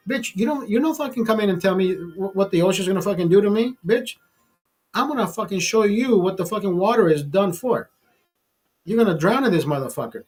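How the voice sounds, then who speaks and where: A man's voice: high voice, animated, quick pace, darkish tone, husky, faint music behind. A man hosting his own channel, delivering a heated, profane political rant full of restarts. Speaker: channel host.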